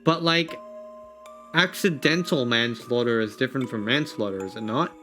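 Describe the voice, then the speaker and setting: A man streaming casually, reading quiz questions aloud and thinking out loud in a rambling, often laughing way. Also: medium pitch, normal speed, faint music behind.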